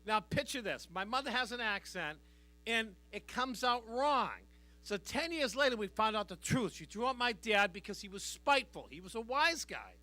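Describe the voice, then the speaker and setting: A man's voice: high-pitched, expressive, moderate pace, bright, forceful tone. A middle-aged man doing a stand-up comedy routine on a live stage, working the crowd with a brash, punchy delivery. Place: live stage before an audience.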